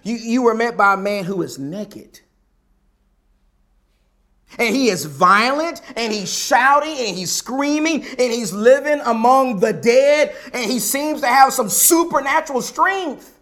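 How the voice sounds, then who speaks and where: A man's voice: very high voice, lively intonation, measured pace, fairly bright tone. A preacher delivering a sermon, an emphatic man who repeats his phrases and asks the listeners rhetorical questions.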